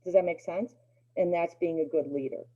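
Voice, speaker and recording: A woman's voice: on the low side, steady tone, normal speed, mellow. A middle-aged woman giving a dog obedience lecture in a conversational way, with many fillers and restarts. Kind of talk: recorded class lecture. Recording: dull lo-fi recording.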